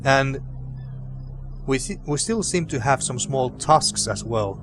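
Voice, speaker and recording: A man casually commenting on an adventure game as he plays, thinking out loud. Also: medium pitch, animated, slow. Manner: rambling, thinking aloud with restarts. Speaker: let's play host. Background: game music.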